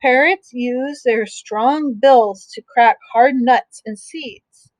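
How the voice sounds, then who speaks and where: A middle-aged woman teacher reads a picture book aloud to young children and stops to explain things gently and simply. Her voice sits a little high. It is recorded close and dry, with no room sound. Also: takes it slowly, no echo, low-quality recording.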